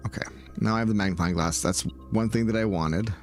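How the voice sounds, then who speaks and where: A man thinking aloud and talking to his viewers in let's-play commentary, moving from calm planning to loud outcries. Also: on the low side, quick pace, faint music behind. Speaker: gaming video creator.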